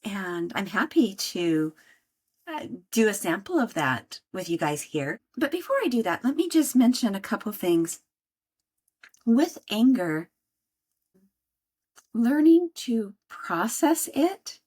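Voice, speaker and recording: A middle-aged woman sharing her healing story in conversation, animated and acting out her own inner voice. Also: medium pitch, takes it slowly, husky. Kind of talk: conversational interview talk.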